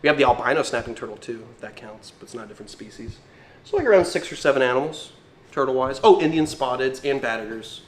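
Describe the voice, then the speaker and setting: A man's voice: mid-range voice, animated, quick pace. A young man hosting a casual livestream as a reptile keeper, talking enthusiastically about his animals. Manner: enthusiastic, chatty. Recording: echoey room.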